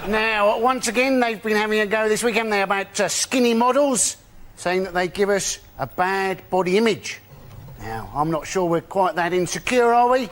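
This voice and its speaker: A man delivering measured stand-up on a TV panel show, dry and steady as he builds to the punchline. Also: sits high, slight background noise. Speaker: comedian.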